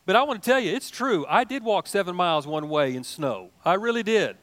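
An older male pastor delivers a sermon in a folksy, animated manner. He mixes humorous asides into his teaching, and his voice sits a little higher than most men's. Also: brisk.

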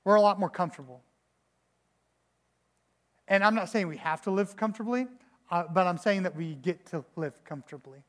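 A man's voice: high-pitched, moderate pace, pauses often. A man preaching a sermon in an earnest, searching way, often restarting and repeating words and acting out quotes. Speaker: pastor.

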